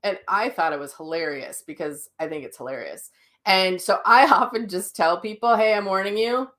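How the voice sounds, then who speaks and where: A middle-aged woman talks in a loose, chatty way, blunt and ready to laugh at herself. Her voice sits a little low for a woman. She answers viewer comments in a casual live session. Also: moderate pace, a bit bright. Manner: blunt, chatty and self-mocking, with frank language. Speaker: psychic medium hosting a daily live session.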